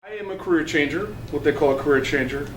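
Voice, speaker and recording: A man in his thirties, a teacher, talking casually about his career with halting restarts. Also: a little high. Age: 30s. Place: school building. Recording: roomy and distant with faint noise.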